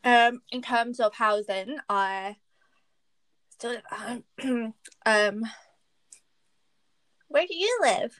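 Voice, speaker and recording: A woman's voice: fairly high pitch, extremely slow, pauses often, a bit bright, no room sound. A woman in her twenties co-hosting a casual podcast, playful and teasing, often breaking into laughter. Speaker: podcast co-host. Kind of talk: casual chat.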